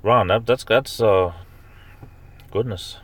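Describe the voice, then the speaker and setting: Man, live streamer, low-pitched, chatty and rambling, playful mock outrage. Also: slow pace, fairly bright tone. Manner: rambling, chatty, with repeated fillers and restarts; bursts into high-pitched mock outrage when ranting. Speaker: live stream host reading chat. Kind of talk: casual live stream chat.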